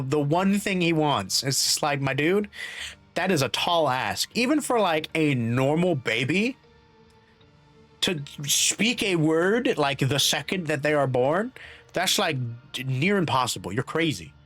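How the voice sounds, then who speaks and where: A man's voice: fairly high pitch, a bit bright. A young man streaming a game, rambling animatedly and laughing often between reading parts aloud. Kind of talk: game playthrough commentary.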